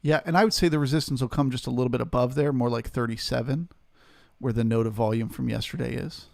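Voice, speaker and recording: Guy streaming live trading commentary, gravelly voice, dry close mic, calm analytical. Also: mid-range voice, quick pace, dry recording. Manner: steady analytical, greets chat viewers.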